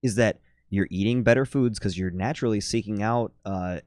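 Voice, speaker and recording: A man's voice: fairly low pitch, normal speed, darkish tone, no echo, clean studio sound. A man who works as a fitness and nutrition coach, talking bluntly in a casual podcast chat and swearing often. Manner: blunt, swears freely, slips into mocking voices.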